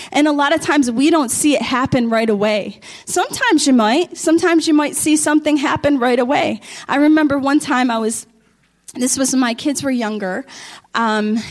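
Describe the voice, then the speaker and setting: A middle-aged woman preaching a sermon, telling stories in an animated, excitable way. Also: fairly high pitch.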